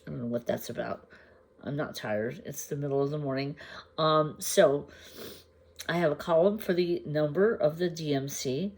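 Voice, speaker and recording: A woman crafting vlogger chatting casually to the camera. She shows her projects at an unhurried pace, pausing to gather her thoughts and sometimes asking the viewers questions. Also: deep voice, a little mellow, breathy edge. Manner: unhurried, chatty, meandering with pauses. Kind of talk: casual show-and-tell chat to camera.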